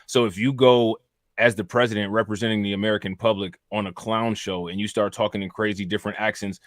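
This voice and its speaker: A man's voice: on the low side, steady tone, fast, no room sound, clean studio sound. Slangy laid-back livestream guy. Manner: slangy, laughing, hypes the chat. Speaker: livestream co-host. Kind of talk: casual commentary chat.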